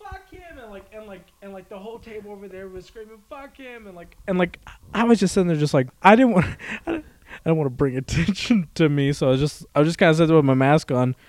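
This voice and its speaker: Rambling young man, slightly high voice. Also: dry recording. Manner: rambling, halting with many "like" fillers, acts out quotes loudly. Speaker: podcast co-host. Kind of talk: casual chat, storytelling.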